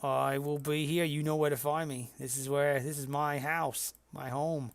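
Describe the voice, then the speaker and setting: A rowdy, crude bagpiper in a tabletop game, voiced by a man running the game, with a gravelly voice pitched a little high. He rambles and stumbles over his words. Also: level tone, moderate pace, dry recording. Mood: rambling. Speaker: game master. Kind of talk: tabletop role-play voice.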